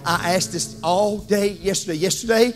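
A man, preaching as a pastor, swinging from hushed tones to shouting. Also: sits high, normal speed, soft background music. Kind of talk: sermon. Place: church sanctuary. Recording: reverberant church hall.

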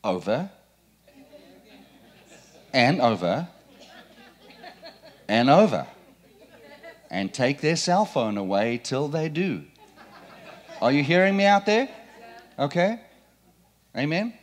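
A middle-aged man preaching a sermon in a church, playful and animated, quizzing the congregation. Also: medium pitch, slow pace, pauses often, a faint crowd. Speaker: pastor. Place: church sanctuary.

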